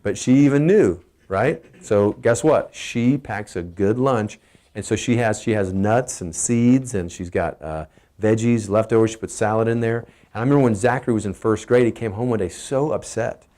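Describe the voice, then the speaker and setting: A middle-aged man with a Texan accent gives a casual, energetic family health talk, asking his listeners questions as he goes. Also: lowish voice, normal speed. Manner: energetic, emphatic, asks the audience questions.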